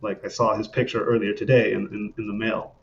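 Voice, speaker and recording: A man's voice: lowish voice, flat delivery, fairly quick, gravelly. A man in casual conversation, rambling through eerie personal stories with many fillers, guest on a paranormal podcast. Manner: rambling, laid-back, frequent fillers. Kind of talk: casual storytelling. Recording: dull lo-fi sound.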